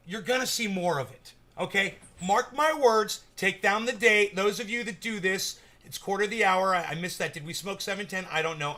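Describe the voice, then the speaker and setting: A man hosting a live cannabis stream, ranting and swearing heavily, moving between low muttering and loud, excited outbursts. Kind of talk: profane ranting live show chat.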